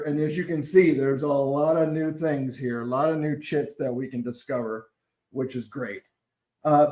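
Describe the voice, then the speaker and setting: A man explaining board game rules in a casual, halting way, with many fillers and self-corrections. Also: fairly high pitch, darkish tone. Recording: echoey room.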